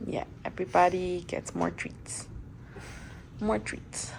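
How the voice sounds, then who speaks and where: A woman's voice: lowish voice, fairly even intonation, takes it slowly, gravelly, darkish tone, a little hiss or hum. A woman vlogging at home as a stay-at-home mom, talking to her dogs in doting baby talk. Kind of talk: casual vlog narration. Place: home indoors.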